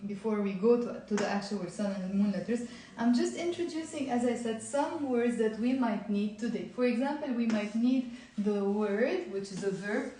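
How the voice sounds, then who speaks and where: Woman, Lebanese accent, language teacher, patient drilling, fairly high voice, echoey room. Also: darkish tone. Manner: patient, drills words for learners to repeat. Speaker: Arabic teacher. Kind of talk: live online language lesson.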